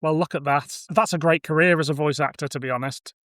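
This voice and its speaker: A man's voice: on the high side, fairly even intonation, fast, fairly bright tone, no echo, clean studio sound. A man hosting a podcast in casual, easygoing chat. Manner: laughing easily, chatty. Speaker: podcast host.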